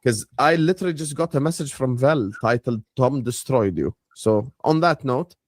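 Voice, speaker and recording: A man co-hosting a stream in casual chat, shouting out viewers and plugging channels. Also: mid-range voice, moderate pace, dry recording, clean studio sound. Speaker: stream co-host.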